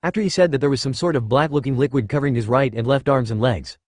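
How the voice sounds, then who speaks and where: A man narrates a fan fiction story in a flat, hurried reading voice. He races through the text at a brisk pace. The recording is dry and close. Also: mid-range voice, dry recording.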